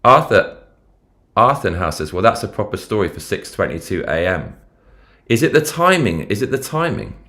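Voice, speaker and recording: A man's voice: lowish voice, sing-song, normal speed, fairly bright tone. A man with a London accent hosting a casual livestream, rambling and swearing freely as he talks over the news and reads viewer comments. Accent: London English. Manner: rambling, profane, slangy. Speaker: livestream host.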